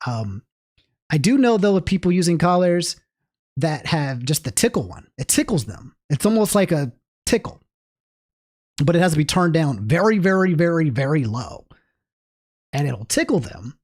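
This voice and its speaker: A man's voice: fairly high pitch, moderate pace, long pauses. A man livestreaming and talking casually to his chat, rambling with frequent restarts. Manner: rambling, restarts often, animated asides to chat. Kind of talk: casual stream commentary.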